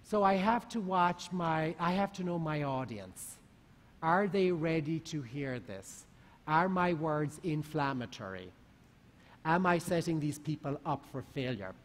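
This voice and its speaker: High-voiced man speaking in a hall. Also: unhurried. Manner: lively, rhetorical questions to the audience. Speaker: conference speaker. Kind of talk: talk to a live audience. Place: large conference hall. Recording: long hall reverb.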